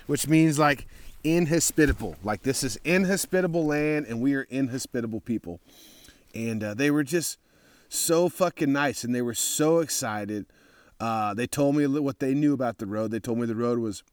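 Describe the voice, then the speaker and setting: Excitable, swearing man from Texas. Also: medium pitch, no echo. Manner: rambling, profane, excitable. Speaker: motorcycle traveler. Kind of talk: casual spoken travel story.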